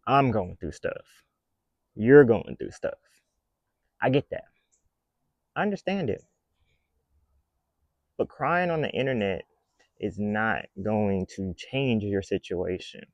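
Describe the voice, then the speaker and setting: A man's voice: fairly low pitch, animated, slow pace, long pauses, no room sound. Blunt scolding male vlogger. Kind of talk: casual commentary rant.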